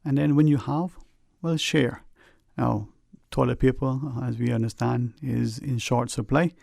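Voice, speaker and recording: Gravelly radio host, warm tone. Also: male voice, medium pitch, steady tone, unhurried, dry recording, clean studio sound. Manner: folksy, rambling, full of "you know"; earnest, advising listeners. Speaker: radio talk show host. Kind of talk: radio talk show monologue. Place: radio studio.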